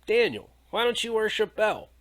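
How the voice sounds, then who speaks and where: A man's voice: high voice, very animated, moderate pace, fairly bright tone, voice pushed up. A man doing a smug, boastful ancient king. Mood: indignant. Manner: casual modern slang, mocking.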